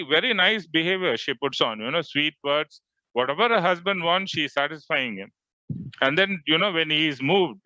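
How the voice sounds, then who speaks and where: A man's voice: a little high, bright, forceful tone, no echo. A man giving a scriptural lecture, explaining at length and often adding "you know". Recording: dry, slightly muffled recording.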